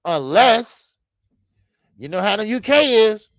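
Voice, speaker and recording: A man hosting a boxing live stream, reading viewer comments and ranting in an animated way, with many stammered fillers. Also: high-pitched, slow pace, no echo. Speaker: boxing channel host.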